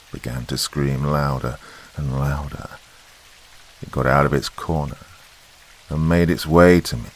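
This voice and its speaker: A man narrating a first-person horror story in a slow, hushed storytelling manner. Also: rumbling low. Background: faint rain and hiss.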